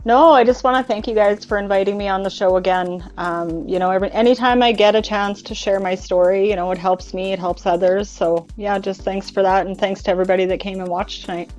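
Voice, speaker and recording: A woman guest sharing her recovery story over a video call, halting and hesitant, full of fillers. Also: medium pitch, fairly even intonation, a little mellow, faint music behind. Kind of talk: personal recovery testimony.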